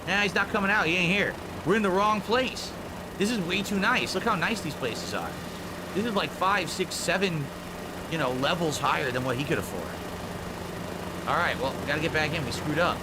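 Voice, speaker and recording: A man's voice: a little high, expressive, brisk, background noise. A man hosting a livestream, ranting heatedly with profanity and mockery. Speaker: streamer host. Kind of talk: livestream rant and chat.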